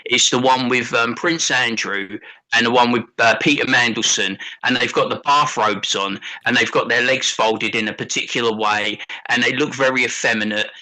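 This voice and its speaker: A man's voice: medium pitch, moderate pace, pushed and bright, rough recording. A man with a British accent, chatting on a podcast as co-host and telling blunt, sweary, gossipy stories. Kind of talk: casual chat.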